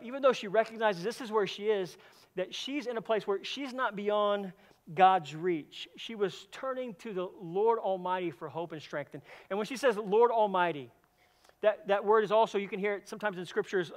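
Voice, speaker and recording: A man with a high-pitched voice preaching a sermon as a senior pastor. He tells stories earnestly, often repeating a word as he starts a phrase. He moves between loud, emphatic stretches and quiet, hushed passages.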